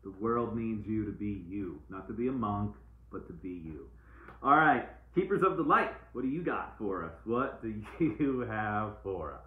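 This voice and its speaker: A man's voice: fairly low pitch, expressive, normal speed. A man giving a casual, playful live-stream oracle card reading, repeating uplifting phrases like mantras. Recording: echoey room, tinny phone-like sound.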